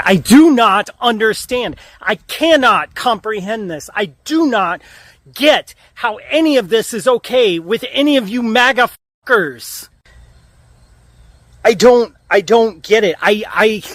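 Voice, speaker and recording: A woman's voice: mid-range voice, dry recording. A woman repeating herself in rising frustration. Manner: shouting in frustration.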